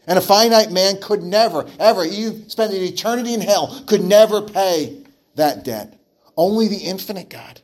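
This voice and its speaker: Man, pastor, high voice, earnest sermon, repeats himself. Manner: earnest preaching with repetitions and restarts.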